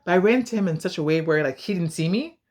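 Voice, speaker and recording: Animated, low-voiced American woman vlogger. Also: fast, background noise. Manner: animated storyteller, acts out quoted voices; emphatic, direct. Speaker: vlogger giving advice. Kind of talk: casual advice vlog.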